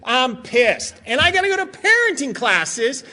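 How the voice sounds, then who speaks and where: A man's voice: very high voice, sing-song, normal speed, sharp tone. A middle-aged man giving a comic storytelling talk as a recovery meeting speaker, joking, laughing often and acting out his own lines. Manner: laughs often while telling stories.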